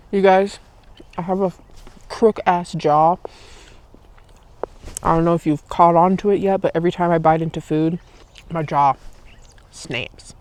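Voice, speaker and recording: A woman's voice: fairly low pitch, a little mellow, slight background noise. A woman in her late twenties chatting casually as a vlogger, full of "like" and "um" fillers, eating a snack while she talks. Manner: chatty, loose, many "like" and "um" fillers. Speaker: vlogger and streamer. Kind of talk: casual chat. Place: outdoors, in a park.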